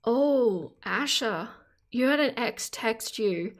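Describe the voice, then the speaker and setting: A woman's voice: fairly high pitch, lively intonation, slow. A woman live streaming from her phone, commenting casually and exclaiming in sympathy as she reads her chat aloud. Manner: earnest, exclaims in sympathy while reading chat. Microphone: phone camera.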